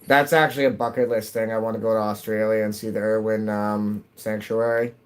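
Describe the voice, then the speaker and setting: A man's voice: on the low side, level tone, brisk, smooth. A middle-aged man chatting casually while streaming a game at home, rambling and restarting, his nose a little stuffy. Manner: rambling, self-interrupting, chatty. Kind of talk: casual chat while gaming.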